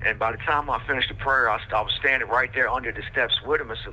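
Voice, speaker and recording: A man's voice: mid-range voice, fast talker, hardly any pauses, bright, forceful tone, breathy edge. A man telling a rambling story with lots of fillers and street slang, recorded over a prison phone line. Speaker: podcast host telling his own story.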